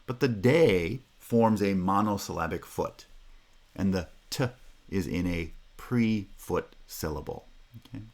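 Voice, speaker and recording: Very deep-voiced male linguistics lecturer. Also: a little slow, a little mellow. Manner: explanatory, frequent "right?" checks and restarts. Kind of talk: recorded phonology lecture.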